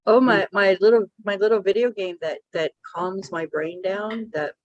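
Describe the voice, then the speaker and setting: A woman's voice: medium pitch, moderate pace, lo-fi sound. A woman co-hosting a casual podcast, laughing often and swearing casually as she chats. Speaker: podcast co-host. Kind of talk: casual banter.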